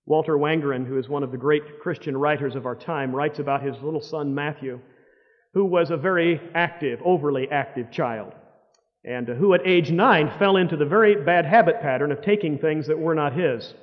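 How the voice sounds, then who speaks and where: A man preaching a sermon, telling stories dramatically, with loud outbursts that drop to hushed words. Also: fairly high pitch, moderate pace. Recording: dull long-reverb hall sound.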